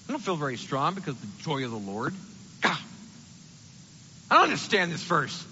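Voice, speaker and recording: A man preaching a sermon in an animated, conversational way, acting out the quotes he reads. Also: a little high, fairly quick, big-room sound, highs cut off, slight background noise.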